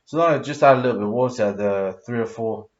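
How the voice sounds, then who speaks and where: Man in his thirties, tipsy, rambling, sweary, mid-pitched voice, muffled lo-fi audio. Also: fairly quick. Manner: rambling, hesitant with many fillers, sweary. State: tipsy after drinking. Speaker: vlogger. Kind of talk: rambling personal storytelling.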